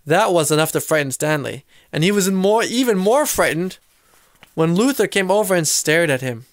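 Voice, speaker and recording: A man's voice: sits high, expressive, normal speed, no room sound, clean studio sound. A man reading a children's chapter book aloud, shifting his voice for each character. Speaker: reader. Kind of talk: storybook read-aloud.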